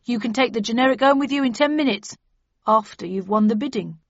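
A woman voicing a smug, hard-nosed male auctioneer who talks in a cold, mocking, drawn-out way for an audiobook. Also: fairly high pitch, no room sound. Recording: dull dry studio recording.

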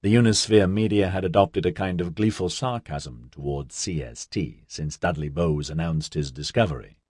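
Male audiobook narrator, low and husky, measured delivery, dry studio recording. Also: darkish tone, no room sound. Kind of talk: scripted narration.

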